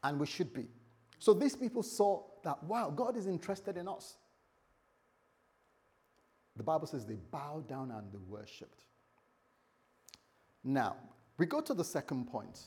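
An animated male pastor delivers a sermon in a church, now and then teasing his listeners. His voice sits a little high for a man. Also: unhurried, long pauses, husky.

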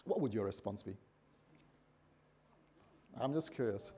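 Husky-voiced male preacher. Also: on the low side, lively intonation, measured pace, dark tone. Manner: conversational, quizzes the congregation, acts out scenarios. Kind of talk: sermon.

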